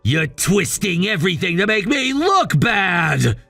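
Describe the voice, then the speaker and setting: A man's voice: high-pitched, sing-song, a little slow, vocal fry, slightly rough, dry recording, faint music behind, exaggerated voice. A man voicing a bossy, scornful husband. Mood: angry, scornful. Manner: bossy and dismissive, shouting at times. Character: controlling, scornful husband facing divorce. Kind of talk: text-message story narration.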